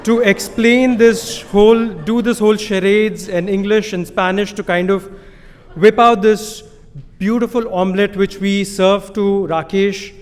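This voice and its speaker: A man with an Indian accent and a notably high voice tells a live story from a stage, amused and self-deprecating. His voice rings out through a large hall with a long reverb tail. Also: little pitch movement, a little slow. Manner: amused, self-deprecating, chuckling between lines.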